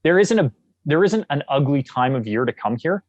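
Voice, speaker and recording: A man from Canada, a guest on a podcast, telling stories in a jovial, enthusiastic, animated way. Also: a little high, moderate pace, muffled recording. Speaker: guest, actor. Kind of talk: casual podcast interview.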